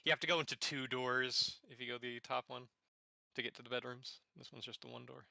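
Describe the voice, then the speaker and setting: Bright, crisp-voiced man planning a tabletop game. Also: medium pitch, steady tone, brisk, no room sound. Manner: planning, then hammy put-on Irish brogue. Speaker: player. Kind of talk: tabletop game chat over voice call.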